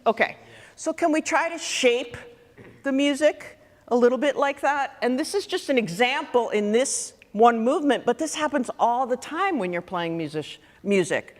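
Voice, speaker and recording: A woman clinician coaching a student wind band in rehearsal, lively and full of questions to the players. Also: high-pitched, normal speed. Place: large theatre stage. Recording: long hall reverb.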